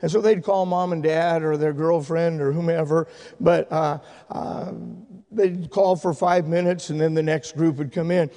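A male pastor telling stories in a sermon, swinging from loud, excited shouting to hushed, tender speech. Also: on the high side, moderate pace, big-room sound. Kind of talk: sermon storytelling. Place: church sanctuary.

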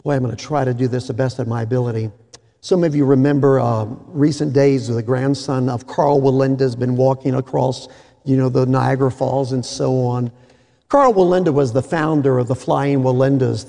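A man preaching a sermon in a folksy, animated way, with joking asides. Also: medium pitch, normal speed, vocal fry. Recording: echoey hall.

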